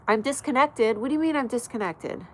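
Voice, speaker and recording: An American woman with a stuffy nose, chatting fast and casually while hosting her live comedy stream from home. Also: a little high, lively intonation, darkish tone, a little hiss or hum, poor audio. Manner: fast, chatty, talks to pets and viewers.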